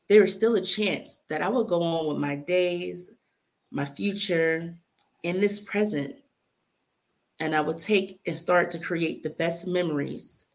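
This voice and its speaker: A young adult woman reading aloud a heartfelt letter she wrote, speaking earnestly and with emotion. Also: lowish voice. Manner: earnest, heartfelt, near tears at times. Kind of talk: emotional spoken-word reading.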